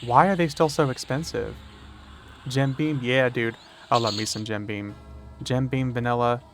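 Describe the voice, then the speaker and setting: A man's voice: medium pitch, fairly even intonation, normal speed, music in the background. Laid-back joking male game streamer. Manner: laid-back, joking, swears freely, says "dude" a lot. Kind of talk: casual livestream chat while playing.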